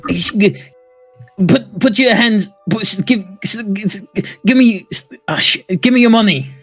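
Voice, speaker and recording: A man's voice: high-pitched, normal speed, slightly rough, faint music behind, voice pushed up. Man doing a stammering goblin chief. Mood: flustered. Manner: stammering, flustered. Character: nervous, bumbling goblin bandit chief, male.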